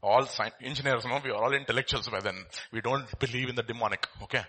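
A man from India preaching a sermon, his delivery swinging between loud, emphatic bursts and quiet, hushed asides. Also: mid-range voice, steady tone, fast talker, hardly any pauses, slightly rough.

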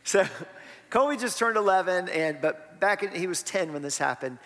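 A man's voice: high-pitched, lively intonation, moderate pace, fairly bright tone. A man, preaching a sermon in a conversational way and tossing rhetorical questions to the congregation. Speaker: pastor. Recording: long reverb of a church hall.

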